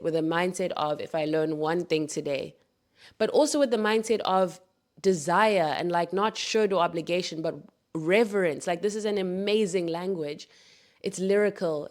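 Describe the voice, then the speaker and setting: A woman hosting a reflective spoken monologue, earnest and heartfelt, calling her listeners darlings and loves. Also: fairly low pitch. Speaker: podcast host.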